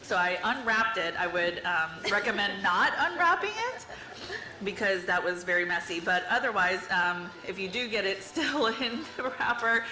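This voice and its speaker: A woman's voice: medium pitch, lively intonation, moderate pace, sharp tone, roomy sound, a little hiss or hum, rough recording. A woman judging food at a contest, hesitant and laughing, with many fillers. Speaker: food judge.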